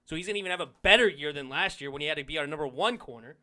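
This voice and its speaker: A man hosting a casual sports talk show, animated and reacting to a rival's clip. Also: a little high, racing. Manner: animated, swings from heated to sheepish. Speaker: sports talk channel host.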